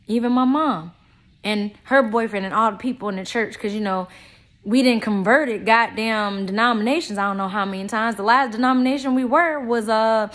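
High-voiced young woman ranting bluntly. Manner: blunt, profane and confrontational; emphatic, swinging between loud outbursts and low asides. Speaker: vlogger. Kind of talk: unscripted ranting monologue.

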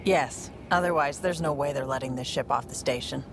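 A woman voicing a cool, capable female alien provisioner in a video game, speaking briskly and self-assuredly. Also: very deep voice. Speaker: ship's provisioner. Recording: game audio with loud noise.

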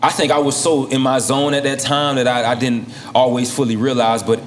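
A man from South Florida, a guest rapper in his thirties, talking through his career in a relaxed, reflective way in a casual interview. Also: mid-range voice, fairly quick, a little hiss or hum. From South Florida, USA. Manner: laid-back, reflective, with frequent "you know what I'm saying".

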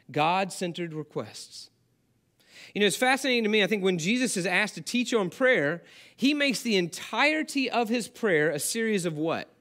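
High-voiced man preaching conversationally. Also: fairly bright tone. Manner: conversational, asks the congregation questions. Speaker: pastor. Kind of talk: sermon.

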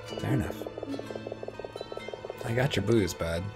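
Gravelly, slow-talking man playing a game. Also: fairly low pitch, over loud music. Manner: muttering, swearing, talking to himself. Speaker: gameplay commentator. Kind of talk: casual let's-play commentary.

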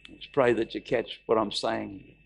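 Husky and fairly low, with vocal fry and a moderate pace, this middle-aged man is an Australian pastor preaching. Animated, he tells a story, voices its characters and repeats phrases.

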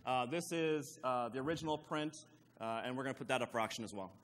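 A man's voice: mid-range voice, fast, fairly bright tone, slight background noise. A man giving closing remarks at a conference, hesitant and full of fillers. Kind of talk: closing announcements. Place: conference hall. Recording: long hall reverb.

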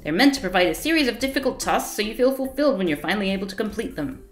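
A woman's voice: medium pitch, lively intonation, rapid-fire, roomy sound, faint music behind, natural voice. A woman playing a bossy, stern young woman. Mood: lecturing. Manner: scolding, matter-of-fact.

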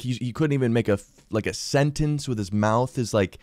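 A man's voice: medium pitch, moderate pace, no room sound. A young man telling a funny story in a casual vlog, full of "dude" and "bro". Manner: slangy, lots of "dude" and "bro", animated retelling.

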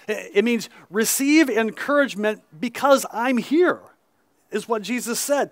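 A male pastor preaching a conversational sermon at an outdoor service, peppering his reading with "right?" asides and quick restarts. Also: extremely high pitch, expressive, no echo.

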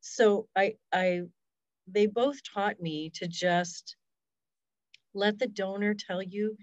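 A woman's voice: medium pitch, takes it slowly, no room sound. Woman guest on a dull, dry call. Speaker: hospice fundraiser, guest. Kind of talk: casual interview talk.

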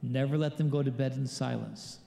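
Gravelly pastor preaching in a big church. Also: male voice, medium pitch, fairly even intonation, normal speed, dark tone. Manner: conversational preaching, quizzes the congregation. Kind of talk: sermon. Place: large church. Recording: echoey church hall with long reverb.

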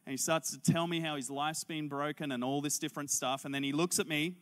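Bright-voiced pastor telling a story. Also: male voice, on the high side, fast talker. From Australia. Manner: animated, acts out dialogue in character voices. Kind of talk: storytelling sermon.

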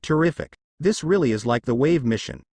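A brash, cocky young ninja calling out over the noise, as a male narrator puts him on. His voice is lively and dry, pitched a touch higher. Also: brisk, no echo.

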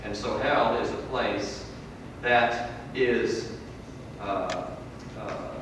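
A man preaching a sermon in a church, swinging from loud emphatic peaks to low, quiet drops. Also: extremely slow, noisy background. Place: church hall. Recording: echoey hall from far off.

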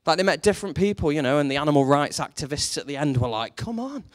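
A man preaching a sermon, telling a story with lively energy and briefly acting out the characters in it. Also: on the high side, fast. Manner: animated storytelling, acts out quoted characters.

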